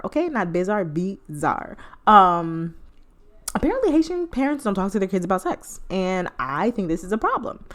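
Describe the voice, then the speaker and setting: Female podcast host, playful chatty delivery, mid-pitched. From United States. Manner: playful, chatty, laughing asides. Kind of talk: casual solo podcast talk.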